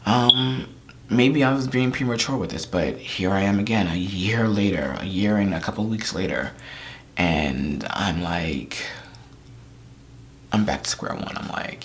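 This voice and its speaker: A man talking in a confessional vlog, holding back tears, halting and trailing off into near-whispers. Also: low voice, slight background noise. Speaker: vlogger. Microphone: camera mic.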